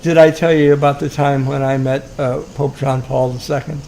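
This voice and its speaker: A man's voice: mid-range voice, flat delivery, normal speed, a little mellow, slight background noise. A man rambling through a chat, chuckling as he reads off stories. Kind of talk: casual chat.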